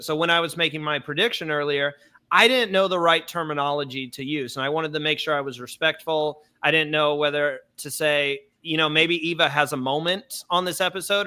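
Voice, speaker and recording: A man hosts a casual podcast discussion in a bright, somewhat high voice. He speaks carefully and picks his words with respect. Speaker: podcast host.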